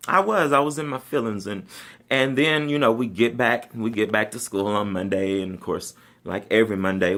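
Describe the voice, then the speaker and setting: A man with a fairly low voice tells a comic story from his own life. He is animated and sassy and laughs often. His delivery swings from loud, high outbursts to low, muttered asides. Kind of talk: casual comedic personal storytelling.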